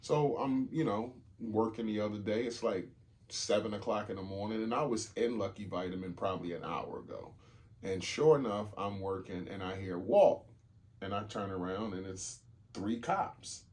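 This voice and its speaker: A man co-hosting a podcast, telling stories in casual chat, animated and swearing freely. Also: on the low side, normal speed. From Jamaica. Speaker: podcast co-host.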